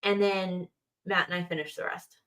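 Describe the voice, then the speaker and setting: A woman's voice: fairly low pitch, fairly even intonation, moderate pace, a bit bright. Chatty woman hosting a livestream. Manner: chatty, reads viewer comments aloud. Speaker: livestream host reading chat. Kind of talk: casual chat.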